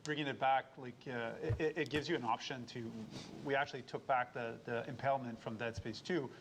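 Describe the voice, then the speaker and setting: A man's voice: mid-range voice, steady tone, brisk, slight background noise. A game developer, a man, who stumbles over his words while explaining.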